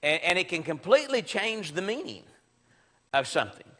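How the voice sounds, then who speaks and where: A Southern-accented man leads a Bible class, his voice bright and sharp, ranging up and down with emphatic, conversational energy. He sits high in pitch for a man and drives his points home. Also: big pitch swings, moderate pace. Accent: Southern American. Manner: conversational, emphatic, acts out sarcastic quotes. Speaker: preacher.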